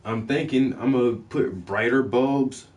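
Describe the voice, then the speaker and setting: A man's voice: medium pitch, measured pace, a little mellow, a little hiss or hum. Laid-back cussing man in a drawl. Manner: profane, laid-back slang, laughs often. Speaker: painting vlogger. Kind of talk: casual livestream chat while painting. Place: home room with fluorescent lights.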